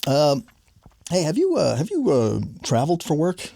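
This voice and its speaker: A man's voice: fairly high pitch, wildly swooping pitch, moderate pace, vocal fry, dark tone, dry recording, clean studio sound. A man hosting a casual interview, chatty and joking as he asks loose questions. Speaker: interview host.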